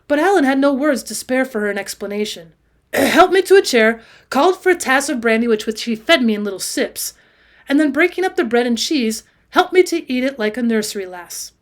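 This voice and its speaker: A woman with a fairly high voice reads a classic novel aloud for her students. Her reading is expressive, and she gets louder whenever a character speaks. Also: brisk. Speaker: audiobook reader and teacher.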